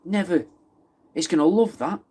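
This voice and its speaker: A man's voice: high voice, moderate pace, dark tone, husky. A man from Manchester with a Mancunian accent, chatting casually on a live stream, answering viewers' comments and swearing freely. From Wythenshawe, Manchester. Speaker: livestream host.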